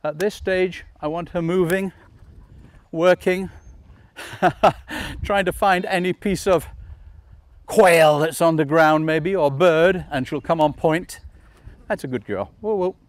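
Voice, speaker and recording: A man's voice: a little high, slow pace, no room sound. Coaxing male dog trainer outdoors. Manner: calm, coaxing commands to a dog between explanations. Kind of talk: instructional demonstration. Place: outdoors in a field.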